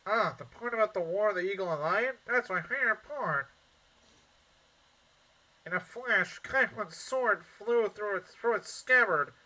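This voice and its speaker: A man's voice: high-pitched, animated, measured pace, pushed and bright, pitched above the performer's own voice, exaggerated voice, low-quality recording. A man voicing an earnest, bookish young male knight in a nasal put-on voice, reading game dialogue aloud. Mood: eager.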